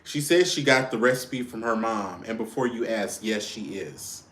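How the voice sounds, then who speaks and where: A man's voice: on the low side, animated, moderate pace, fairly bright tone. A man hosting a casual celebrity gossip show, sassy and blunt, swearing freely and laughing often. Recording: roomy echo.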